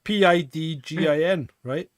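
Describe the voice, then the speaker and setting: A man co-hosting a casual podcast, quick to laugh and swear in lively banter. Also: a little high, no echo, clean studio sound. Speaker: podcast co-host. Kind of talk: casual chat.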